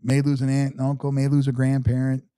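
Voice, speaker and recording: A middle-aged man, an interview guest, telling a personal story in a casual, halting way full of restarts and fillers. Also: medium pitch, completely flat delivery, mellow, clean tone, dry recording, studio quality.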